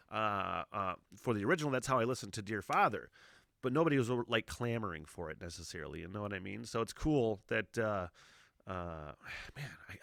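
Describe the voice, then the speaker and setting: Middle-aged guy rambling about music, bright tense voice, swears a lot, dry close mic. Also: fairly low pitch, creaky, no room sound. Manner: rambling, swears freely, many fillers. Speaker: music reaction host. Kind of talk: casual reaction commentary.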